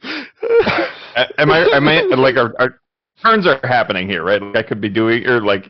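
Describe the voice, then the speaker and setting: A man playing a tabletop game over voice chat, talking in halting, unsure bursts. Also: mid-range voice, very animated, no room sound, muffled recording. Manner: hesitant, halting. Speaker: player. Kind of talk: casual chat.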